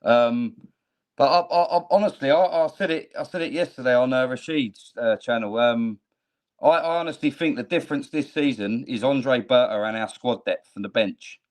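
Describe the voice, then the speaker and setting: A man's voice: mid-range voice, moderate pace. A man calling into a show, casual, stammering and swearing now and then. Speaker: caller. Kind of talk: casual call-in chat.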